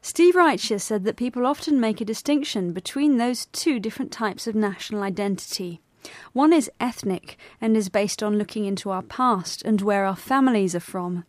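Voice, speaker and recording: A woman co-presenting a scripted educational podcast, explaining vocabulary clearly. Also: mid-range voice, lively intonation, moderate pace, no echo, studio quality.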